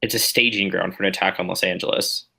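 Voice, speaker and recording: Gravelly low-voiced calm male player. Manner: calm, measured, terse. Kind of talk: in-character role-play.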